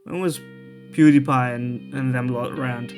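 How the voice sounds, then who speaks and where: A man's voice: mid-range voice, fairly even intonation, moderate pace, a little mellow, soft background music. A man playing a detective game and reading its text aloud, breaking off into rambling, joking asides. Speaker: video game streamer. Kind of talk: let's play commentary.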